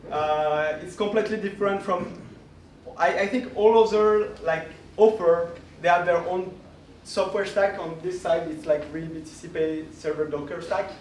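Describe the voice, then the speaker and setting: A man giving a conference talk, halting with many restarts and fillers as he explains his project. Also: high voice, steady tone, darkish tone, a little hiss or hum. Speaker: conference speaker. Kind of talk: conference presentation. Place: conference room. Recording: echoey room, voice from far off.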